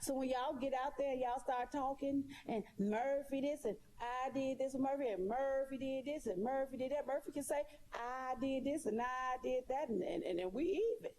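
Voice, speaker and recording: Sassy high-voiced woman. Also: a little fast, few pauses, dark tone. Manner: sassy, emphatic, repeats herself. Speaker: live streamer. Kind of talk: casual monologue to viewers.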